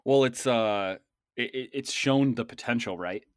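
A man in casual podcast chat, teasing and animated with stammered restarts. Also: mid-range voice, measured pace, no room sound, clean studio sound.

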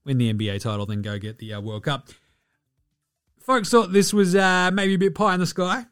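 A man's voice: high-pitched, fairly even intonation, moderate pace, fairly bright tone, clear, resonant tone, no echo, clean studio sound, faint music behind. A man with an Australian accent hosting a casual sports podcast, rambling, joking and swearing freely. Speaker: podcast host.

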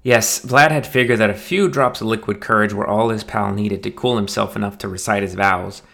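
Low-voiced man narrating a wry story. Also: steady tone, a little fast, creaky, a bit bright. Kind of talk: scripted audiobook narration.

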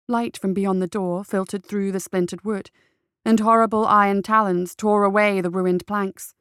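A woman reading a dark adventure story aloud as its narrator, with a steady, even storytelling delivery. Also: mid-range voice, no echo, studio quality.

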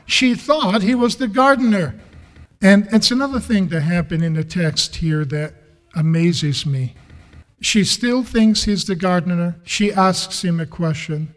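A man preaching a sermon with impassioned, repeated rhetorical questions. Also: high voice. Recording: long reverb of a large hall.

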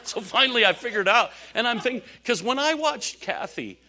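An older man preaching a sermon, telling animated stories with laughs and asides. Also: extremely high pitch, fairly quick. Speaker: pastor.

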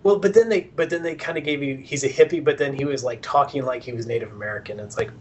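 Male podcast co-host, dry and sarcastic, mid-pitched voice with a faint hum behind. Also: fast talker. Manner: wry, sarcastic commentary. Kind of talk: casual movie review chat.

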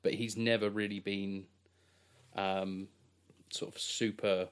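A man's voice: fairly low pitch, little pitch movement, slow, clean tone. A man co-hosting a podcast, chatting casually about a film in a laid-back, agreeable way. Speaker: podcast co-host. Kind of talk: casual film review chat.

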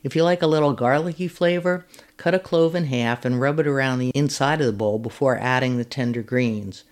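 A woman's voice: extremely low pitch, brisk, darkish tone. A woman who volunteers as a master gardener, reading a scripted segment with friendly, step-by-step cooking instructions. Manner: friendly, instructive, recipe steps read at an easy pace.

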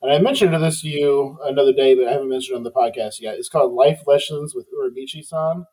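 Relaxed man chatting on a podcast. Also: medium pitch, quick pace, husky, low-quality recording. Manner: relaxed, chuckles often. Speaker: podcast co-host. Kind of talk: casual podcast chat.

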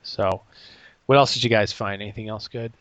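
A man's voice: on the low side, fairly even intonation, normal speed, a bit bright, no room sound. A man hosting a casual chat, rambling with frequent restarts. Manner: rambling, with many restarts and laughs. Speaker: podcast host.

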